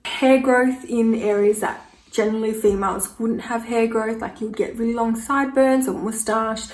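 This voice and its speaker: A woman's voice: a little high, steady tone, moderate pace, roomy sound, slight background noise, rough recording. Chatty young woman vlogging. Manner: chatty, frank, peppered with "like". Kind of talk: casual personal storytelling to camera.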